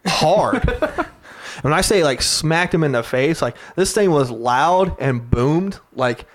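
A man's voice: fairly high pitch, animated, takes it slowly. A young man telling a rowdy drinking story in casual chat, laughing often and swearing freely.

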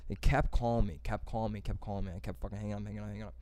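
A man's voice: lowish voice, level tone, rapid-fire, darkish tone, no echo. A man telling a rambling, profane story in casual chat among friends.

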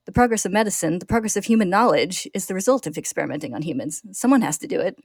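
A cold, unhinged male scientist who taunts calmly, read by a woman in her own fairly low voice. The delivery stays even and measured. It is recorded close and dry. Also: breathy edge, no echo. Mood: taunting.

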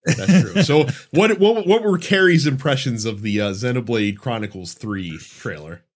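A man's voice: medium pitch, animated, normal speed. A man hosting a casual gaming podcast, asking his co-host questions and laughing easily. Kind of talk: casual chat.

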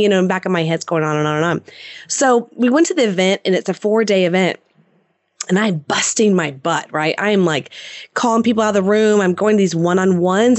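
A woman's voice: mid-range voice, no echo. Woman entrepreneur guest, chatty storyteller, dry close recording. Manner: animated, chatty, many restarts and "you know". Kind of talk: casual storytelling interview.

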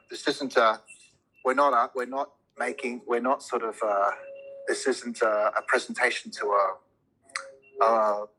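A man with a bright, forward tone and a husky edge to his voice talks in loose podcast chat. He rambles with frequent restarts and swears freely when he gets worked up, arguing his point with strong opinions. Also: medium pitch, low-quality recording. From immigrant to a Commonwealth country.

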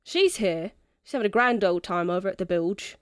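A woman voicing a drunk, laid-back man who schemes in a tavern, in a put-on accent with a slow, teasing drawl. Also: mid-range voice, lively intonation, clear, resonant tone, no echo, clean studio sound, natural voice. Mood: scheming. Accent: put-on accent, not her own.

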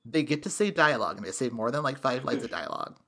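A woman's voice: rumbling low, animated, fast, fairly bright tone. A woman co-hosting a podcast, making dry, wisecracking asides in casual chat. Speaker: podcast co-host.

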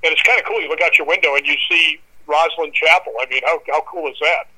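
A man guesting on a podcast, telling animated anecdotes and acting out the people he quotes. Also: fairly high pitch, fast, poor audio. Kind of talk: casual storytelling.

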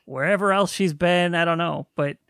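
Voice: medium pitch, moderate pace, a bit bright, clean tone, no echo. Giggly, hesitant podcast co-host. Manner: giggly, hesitant, filler-heavy. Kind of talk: casual chat.

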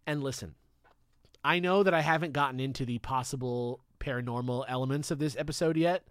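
A young man hosting a podcast, telling a story in a casual, animated way with jokey asides and swearing. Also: medium pitch, fairly quick, no echo, studio quality. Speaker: podcast host.

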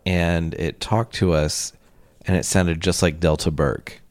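A man co-hosting a comedy podcast, joking in a dry, deadpan way. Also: low voice, a little slow, dry recording. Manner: deadpan, dry jokey delivery. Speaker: podcast co-host. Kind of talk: casual comedic chat.

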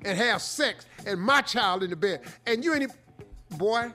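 A man's voice: high-pitched, expressive, normal speed, bright, forceful tone, soft background music. A man hosting a comic advice show, acting out scenes in put-on voices. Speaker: radio show host.

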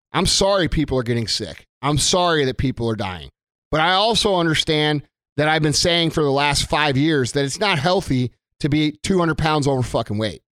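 A man's voice: on the high side, a bit bright, no echo, studio quality. A man giving an angry, blunt rant to camera, swearing heavily and repeating himself for emphasis. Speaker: business owner. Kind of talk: profane political rant to camera.

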